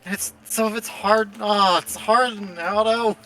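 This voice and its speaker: A man's voice: high-pitched, steady tone, unhurried, bright, forceful tone, a little hiss or hum, voice pushed up. A man voicing a fussy, motherly female elf who is cleaning up after a robot companion, exasperated and fussing.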